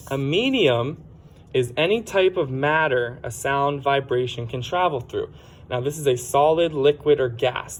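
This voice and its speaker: A man at a middle pitch giving a recorded science lesson to children at home. He explains step by step and uses everyday examples. He talks plainly, with the odd filler, and corrects himself when he misspeaks. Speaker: teacher.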